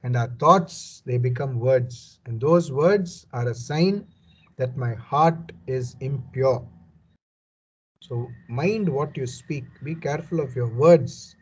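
A man's voice: mid-range voice, slow, a little mellow, slightly rough, lo-fi sound. A man giving a verse-by-verse Bible commentary, reading passages and explaining them earnestly and emphatically, often saying "you know". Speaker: Bible teacher.

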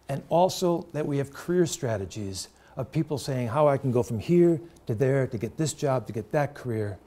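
A man's voice: fairly high pitch, darkish tone. A middle-aged man from the United States, giving a university talk to students in an earnest, storytelling way with direct questions to the audience. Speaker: lecturer. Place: lecture room.

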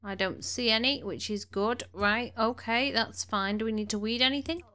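A fairly high, bright, pushed voice that's clear and resonant belongs to a woman casually commenting on her game at a moderate pace. Sitting in a room at home, allergies making her slightly snuffly, she talks away and tells her characters what to do.

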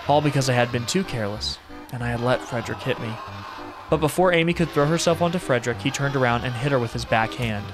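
Male streamer, mid-pitched voice, reading a horror game's story aloud, game music playing underneath. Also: fast. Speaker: gaming streamer.

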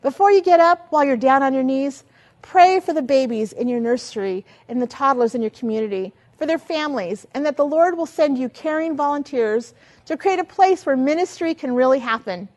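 An older woman giving a lively teaching talk as a children's ministry trainer, asking many rhetorical questions. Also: high-pitched, a little fast.

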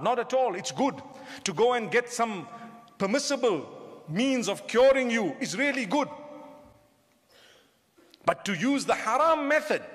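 Man, preacher, humorous sermon, very high voice, long hall reverb. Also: a bit bright. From southern Africa. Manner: humorous, addresses the crowd with questions.

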